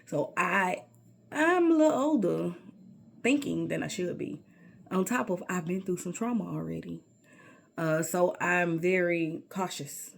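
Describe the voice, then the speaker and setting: Middle-aged woman, low husky voice, sassy personal storyteller. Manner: sassy, emphatic, calls listener baby.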